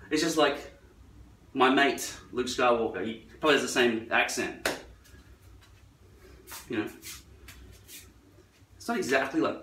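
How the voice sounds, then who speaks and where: A man's voice: mid-range voice, animated, normal speed, fairly bright tone. An Australian man talking in a rambling, profane and sarcastic monologue. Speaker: vlogger. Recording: echoey room, far from mic.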